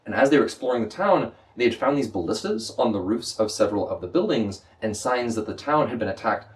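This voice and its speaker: A man as a podcast guest, a Dungeon Master telling an animated, excited game story with lots of quick restarts. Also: on the low side, recorded from a distance.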